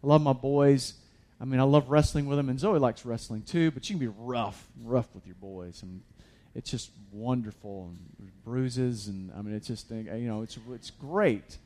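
A man's voice: medium pitch, moderate pace, hardly any pauses, mellow. A man preaching a sermon as a pastor, conversational with many fillers and restarts, building to emphatic peaks.

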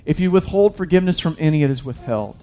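Male pastor, slightly high voice, chatty sermon delivery with lots of restarts. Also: lively intonation, fast, dark tone. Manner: conversational preaching, addresses listeners as guys, many restarts.

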